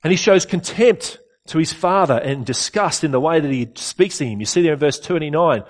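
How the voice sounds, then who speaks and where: A man's voice: on the high side, lively intonation, a little fast. A man preaching a sermon in an earnest, conversational way with rhetorical questions.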